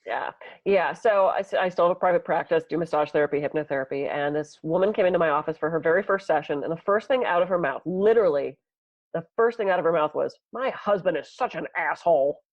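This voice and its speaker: A woman's voice: deep voice, fast, dry recording, lo-fi sound. A woman co-hosting a podcast in casual chat, telling stories animatedly and acting out the people she quotes. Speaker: podcast co-host, massage therapist.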